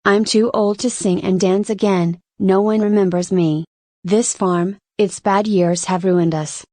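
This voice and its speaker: A woman's voice: medium pitch, fairly even intonation, measured pace, dark tone, dry recording, studio quality, close to an everyday voice. A woman reading aloud as a resolute middle-aged mother who once sang and danced on stage, with a firm, determined manner. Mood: passionate.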